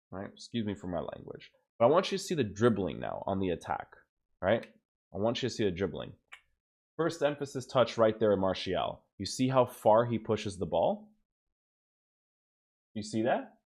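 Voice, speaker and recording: Man talking over his gameplay. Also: medium pitch. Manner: emphatic, keeps asking "right?"; casual, swears now and then. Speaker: gaming YouTuber. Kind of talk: gameplay commentary.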